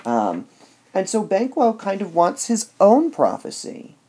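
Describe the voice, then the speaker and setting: A man's voice: high-pitched, wildly swooping pitch, measured pace, warm tone, slightly rough. A man giving a casual lecture that reviews a play, explaining step by step and often saying "all right". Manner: explains step by step with filler words.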